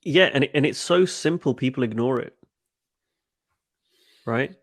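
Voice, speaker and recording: Here a middle-aged man who works as a coach answers webinar interview questions at a measured pace. His mid-range voice sounds studio quality with no echo, and his stories feature frequent word repetition and acted-out dialogue.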